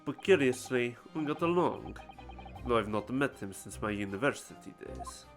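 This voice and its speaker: A man's voice: mid-range voice, lively intonation, faint music behind, lightly acted. Lord van Zykes, a man reading a cold aristocratic prosecutor. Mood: composed. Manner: measured, formal, aloof. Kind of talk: reading game dialogue aloud.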